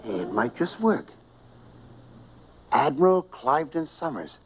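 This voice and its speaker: An actor playing a scheming navy officer who talks in a quick, breezy, cajoling way. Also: male voice, mid-range voice, big pitch swings. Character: scheming, fast-talking male navy officer. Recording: noisy old TV soundtrack.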